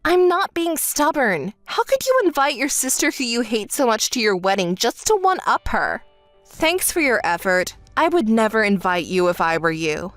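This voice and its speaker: A woman's voice: on the high side, big pitch swings, moderate pace, a bit bright, no room sound, soft background music. A woman doing a dry, sarcastic level-headed sister. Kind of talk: texting story voice-over.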